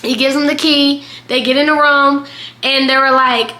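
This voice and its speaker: Young woman vlogging a crazy storytime, bright sharp voice, roomy echo. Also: high voice, moderate pace. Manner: animated, dramatic storytelling with quoted voices. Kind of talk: storytime vlog.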